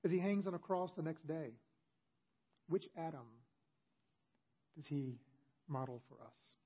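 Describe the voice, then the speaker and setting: A man's voice: a little high, measured pace, breathy edge, lo-fi sound. A male pastor giving a sermon in a conversational storytelling manner with humorous asides.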